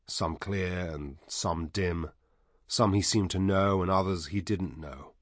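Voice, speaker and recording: A man reading a novel aloud as narrator, measured and even. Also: low voice, no echo, studio quality. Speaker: audiobook narrator. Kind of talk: scripted narration.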